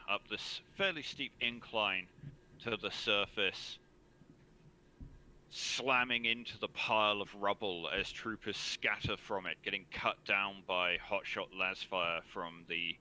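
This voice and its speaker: A man running a tabletop game as game master, narrating the scene in a measured way with frequent pauses. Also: lowish voice, fairly even intonation, sharp tone, slight background noise, rough recording.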